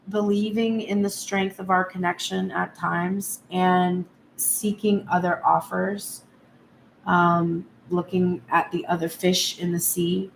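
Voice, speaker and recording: A woman's voice: mid-range voice, vocal fry. Tarot-reading woman in a roomy space. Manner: heated, speaks in first person as the partner. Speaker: tarot reader. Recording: roomy echo, faint background hum.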